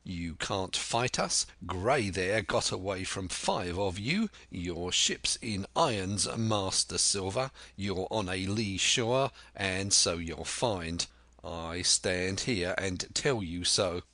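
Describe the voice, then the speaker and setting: An unyielding older sea captain, as a male narrator puts him on, delivering slow, clipped commands in a low voice. The tone is bright and firm, and the recording is dry and close. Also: no echo, exaggerated voice. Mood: stern. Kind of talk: audiobook character voice.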